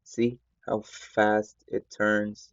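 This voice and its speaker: A man's voice: on the low side, dry recording, highs cut off. A man hosting a gaming channel, chatting casually over gameplay while feeling unwell after just waking up. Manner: relaxed, rambling, slow. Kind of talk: casual game commentary.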